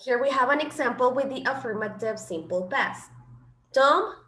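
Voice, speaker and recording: This time her fairly high voice is brisk and a bit bright as she teaches English grammar. A Spanish native speaker, she patiently explains while switching between the two languages, in a room with echo.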